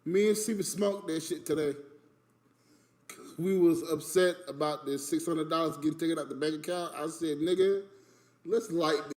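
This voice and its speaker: A man telling a story about his family in an animated, emphatic way. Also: on the high side, moderate pace. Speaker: streamer in a played clip. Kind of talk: casual storytelling rant.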